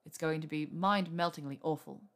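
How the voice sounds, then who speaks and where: A woman reading aloud puts on a lovestruck young wizard man with a dropped, husky-low murmur. He talks dryly and teasingly, with a hint of nerves under the charm. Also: normal speed, natural voice.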